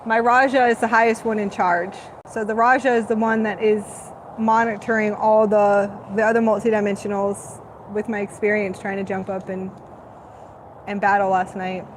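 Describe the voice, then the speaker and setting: A woman's voice: medium pitch, level tone, moderate pace, a little hiss or hum, low-quality recording. A woman hosting a live spiritual channeling talk, speaking in a dreamy, rambling, gushing way.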